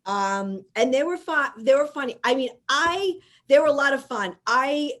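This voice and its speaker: A talkative woman host from New York, pitched a little high, chatting loosely and breaking into laughter. She rambles through her points in a relaxed interview. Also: moderate pace. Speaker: podcast host. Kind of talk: casual interview chat.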